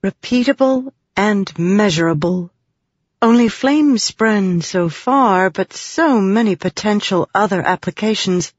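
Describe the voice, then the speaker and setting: A woman's voice: medium pitch, measured pace, no room sound, voice pushed up, lightly acted. A narrator voicing a young, absent-minded woman scholar who muses aloud in a rambling way. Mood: musing. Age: young adult. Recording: dull dry audiobook recording.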